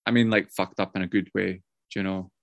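A man sharing a personal story with a group in a rambling, self-mocking way, swearing often and filling pauses with ums. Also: sits low, little pitch movement, creaky, no echo. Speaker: guest speaker sharing his story. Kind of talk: casual personal share to a group.

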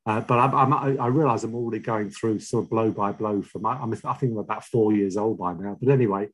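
A middle-aged man with a London accent telling his own recovery story, halting and repeating words, wry and confessional. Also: lowish voice, slightly rough. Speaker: speaker sharing a recovery story. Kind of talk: personal testimony.

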